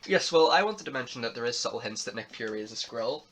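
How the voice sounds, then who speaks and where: A teenage boy co-hosting a casual film review podcast, eager and quick to laugh along. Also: medium pitch, animated, a bit bright, slight background noise. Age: teens. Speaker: podcast co-host.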